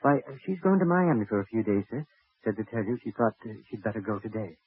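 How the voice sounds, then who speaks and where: A man's voice: fairly low pitch, animated, quick pace, slightly rough, phone-quality sound. A man playing a deferential, polite butler in 1940s radio acting on an old broadcast. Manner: polite, servile.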